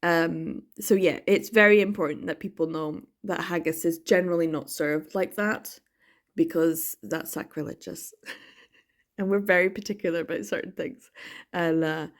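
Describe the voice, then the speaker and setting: A Scottish woman chatting casually in a reading vlog, animated and quick to laugh, with the odd swear word for emphasis. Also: lowish voice. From Scotland. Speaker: manga reading vlogger.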